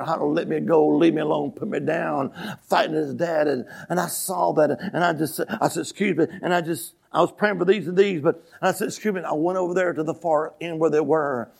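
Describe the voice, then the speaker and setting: Man preaching revival sermon, high voice, gravelly, shouts hallelujah. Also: fairly even intonation, a little fast, few pauses. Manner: builds to shouting, exclamations of hallelujah. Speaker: evangelist preacher. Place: church sanctuary with congregation.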